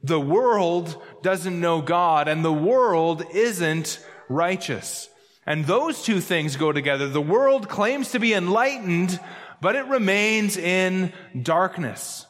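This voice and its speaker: A pastor with a high-sitting, animated, and somewhat bright voice preaches an emphatic sermon. He repeats key phrases and slows down to stress them, and the recording has a long reverb tail.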